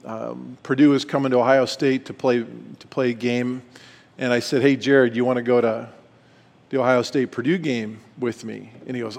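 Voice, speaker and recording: A man's voice: medium pitch, fairly even intonation, fairly quick, vocal fry, darkish tone. A middle-aged man speaking at a retreat, telling a personal story and acting out the dialogue with animation. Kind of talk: storytelling talk. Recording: long hall reverb.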